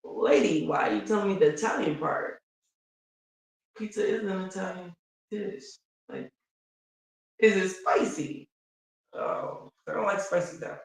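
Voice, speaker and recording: Woman from Chicago, casual vlog chat, animated storyteller, slow unhurried delivery, recorded at a distance. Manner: animated storytelling, quick pitch swings, laughs often. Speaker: vlogger. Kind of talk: casual chat reading viewer comments. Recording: roomy and distant from the mic.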